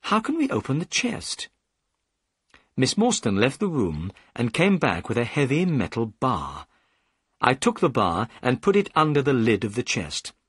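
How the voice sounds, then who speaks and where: A man reading a simplified audiobook story for learners in a clear, measured way. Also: mid-range voice, huge pitch swings, no room sound, clean studio sound. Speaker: narrator. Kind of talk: scripted audiobook narration for learners.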